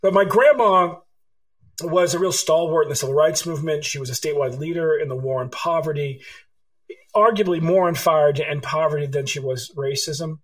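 A man's voice: fairly high pitch, normal speed, low-quality recording. A middle-aged man from California, an author telling stories in an interview and acting out the dialogue. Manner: animated storyteller, acts out dialogue. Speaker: author and guest. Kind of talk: storytelling interview answers.

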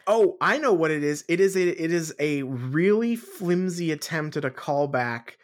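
A woman co-hosting a podcast in casual chat, talking in an animated, exclamatory way. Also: low voice, normal speed. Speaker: podcast co-host. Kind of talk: casual book-discussion chat.

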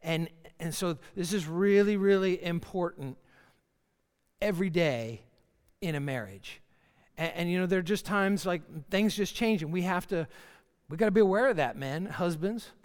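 In a reverberant hall, a middle-aged man preaches at normal speed in a high, clean voice. He jokes in a homespun way and slips in acted-out little scenes.

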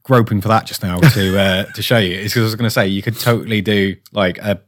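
Deep-voiced laid-back man. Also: fairly even intonation, brisk, no echo, studio quality. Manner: laid-back, explains with fillers. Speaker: podcast co-host. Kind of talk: casual chat.

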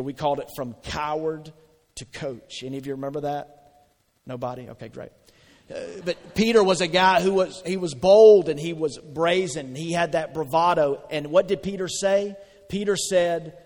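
A man preaching a sermon, his voice sitting a bit higher than most men's. He talks in a conversational way, throwing questions out to the congregation. The sound carries a long reverb, as if filling a church sanctuary. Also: a little mellow. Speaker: pastor.

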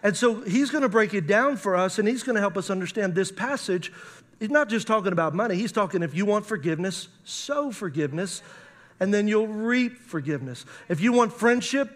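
High-voiced man preaching a sermon. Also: expressive, normal speed. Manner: preaching with emphatic rises, reads scripture aloud. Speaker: pastor.

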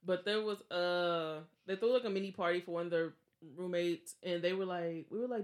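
A young woman tells a dorm ghost story on a podcast in a slightly low voice. She talks casually and acts out what others said with lively energy. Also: normal speed. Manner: animated, acts out quotes with laughs. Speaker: podcast host.

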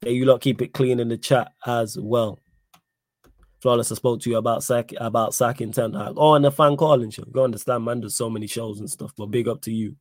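A young man hosting a casual live-stream podcast, talking in an animated, slangy way and repeating his points for emphasis. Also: mid-range voice, fairly quick, dry recording, clean studio sound. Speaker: podcast host reading live chat.

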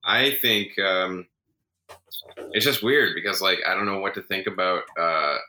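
Very deep, bright-edged male co-host. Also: a little slow, a little hiss or hum, low-quality recording. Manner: rambling, self-correcting, tired. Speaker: podcast co-host. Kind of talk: casual chat.

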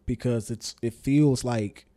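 A man's voice: medium pitch, fairly even intonation, slow, mellow. A man co-hosting a casual podcast, blunt and emphatic, swearing freely. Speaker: podcast co-host. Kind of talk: casual chat.

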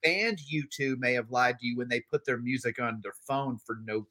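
A man hosting a casual podcast chat, lively and joking as he hands the discussion to others. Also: mid-range voice, normal speed. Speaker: podcast host. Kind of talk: casual chat, moderating a group.

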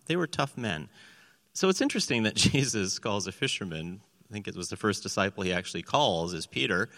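A man's voice: medium pitch, sharp tone. A man preaching a sermon in a church hall, telling the story animatedly and acting out the voices in it. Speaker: pastor. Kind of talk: sermon with scripture reading. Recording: long reverb of a large hall.

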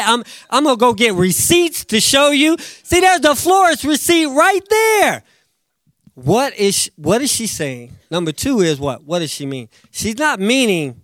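Male pastor, high voice, dry close sound, lively sermon delivery with acted-out quotes. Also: moderate pace, no echo. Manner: animated, acts out quotes, jumps loud and soft.

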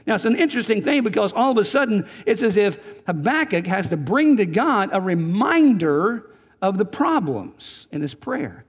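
High-voiced preacher in echoing church. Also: male voice, very animated, moderate pace. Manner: earnest preaching with repeated words and restarts. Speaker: pastor. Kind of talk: sermon. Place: church sanctuary. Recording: church sanctuary with long reverb.

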